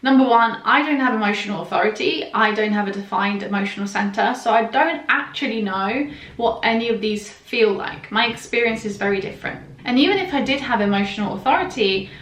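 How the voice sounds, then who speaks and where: A woman explaining a topic in a calm, direct video lesson, speaking straight to the viewer. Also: fairly high pitch, a little fast, echoey room. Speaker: human design teacher.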